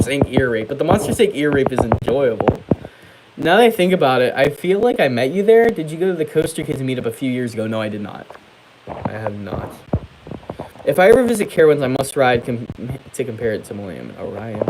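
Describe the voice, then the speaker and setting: A man's voice: mid-range voice, noisy background. A young man hosting a casual livestream, reading out viewer comments and answering them in a chatty way. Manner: chatty, reads comments aloud and answers them, many fillers. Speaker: livestream host.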